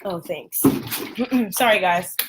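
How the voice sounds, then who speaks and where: A young woman with a scratchy throat teaching trading basics on a live stream, chatty and apologetic, clearing her throat often. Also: fairly low pitch, animated, extremely slow. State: hoarse, throat irritated after a run. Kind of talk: casual live lesson.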